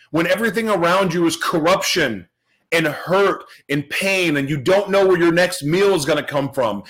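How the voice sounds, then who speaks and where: A man's voice: fairly high pitch, a bit bright, low-quality recording. Earnest man telling his own story. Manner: earnest and emotional, with heavy repetition for emphasis. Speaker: motivational speaker sharing his life story. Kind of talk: personal testimony speech to an audience.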